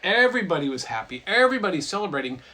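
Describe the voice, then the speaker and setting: A man's voice: high-pitched, racing, a little hiss or hum, low-quality recording. A man retelling a story in a goofy, playful comic way, full of silly asides. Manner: playful, animated, lots of silly voices.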